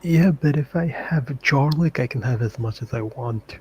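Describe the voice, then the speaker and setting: A man's voice: mid-range voice, normal speed, a little hiss or hum, poor audio. Laid-back man co-hosting a stream. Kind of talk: casual live-stream chat.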